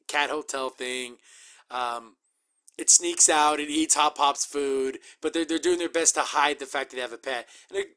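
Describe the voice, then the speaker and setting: A man casually recapping and reacting to a cartoon episode, chatty and upbeat, acting out quick character quotes. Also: on the high side, fairly bright tone. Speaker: show reviewer.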